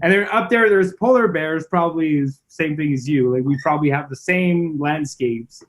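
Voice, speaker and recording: Male guest from Canada, relaxed rambling talker, a bit high-pitched. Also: moderate pace. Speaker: guest musician. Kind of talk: casual chat.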